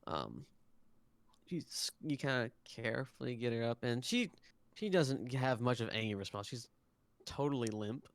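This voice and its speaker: A man's voice: mid-range voice, big pitch swings, a little slow, no echo. A man narrating as game master of a tabletop game on a live stream, rambling through scenes with frequent fillers. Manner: rambling, many fillers and restarts. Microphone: close desk mic, online stream.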